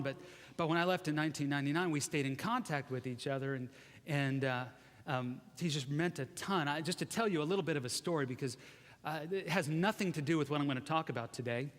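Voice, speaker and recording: A high-pitched man in his forties preaches in a loose, conversational way, teasing himself and the congregation. His voice rings with the long reverb of a large church sanctuary. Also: a bit bright. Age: 40s. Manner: chatty, self-deprecating, joking with the congregation. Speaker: guest preacher. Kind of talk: conversational sermon.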